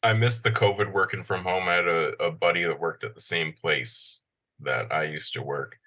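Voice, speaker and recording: A man who is a podcast guest, chatting casually, telling excitable stories and acting out quotes, swearing along the way. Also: deep voice, moderate pace. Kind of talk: casual chat.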